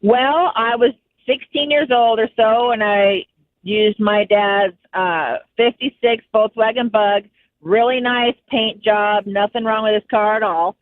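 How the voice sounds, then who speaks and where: A woman calling in to a radio show who tells an old story in an easygoing, unhurried way. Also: fairly high pitch, dry recording. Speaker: caller. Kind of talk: call-in storytelling. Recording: dry phone line.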